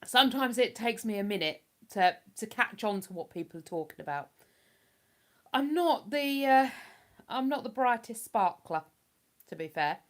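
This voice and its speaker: A chatty woman talks straight to her livestream viewers with a slightly high voice. She rambles, restarts her sentences and pokes fun at herself as she answers comments. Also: animated, moderate pace. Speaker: livestream host reading chat. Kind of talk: casual live chat.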